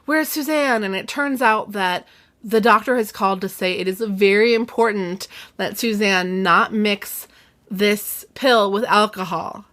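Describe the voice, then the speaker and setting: A woman's voice: medium pitch, a little slow. A young woman hosting a podcast, animatedly retelling a book's plot in casual chat. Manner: chatty, animated, laughing retelling. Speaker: podcast host. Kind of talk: casual chat recapping a book.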